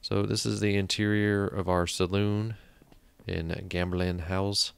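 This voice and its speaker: Gaming host, male, deep with a creaky edge, rambles and mutters to himself. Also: level tone, takes it slowly, no echo. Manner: chatty, thinks aloud, mutters counts under his breath. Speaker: let's play host. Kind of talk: casual gameplay commentary.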